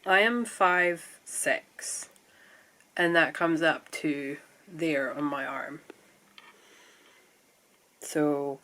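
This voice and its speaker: A Scottish woman talks through her room in a relaxed, rambling vlog, thinking out loud as she goes. Her voice sits a little low for a woman, and she chats casually to the camera. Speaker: vlogger. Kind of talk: casual chat. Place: room at home.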